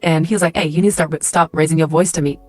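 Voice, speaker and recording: In a social media clip, a woman rattles off a dramatic second-person story in a low voice with fairly even intonation. She rambles casually, leaning heavily on "like" and "and stuff like that," with no echo and faint music behind her.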